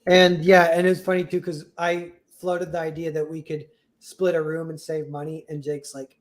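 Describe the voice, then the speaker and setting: A man's voice: a little high, little pitch movement, moderate pace, few pauses. A young man chatting on a livestream, rambling with lots of "like" and restarts, chuckling as he talks. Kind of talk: casual livestream chat.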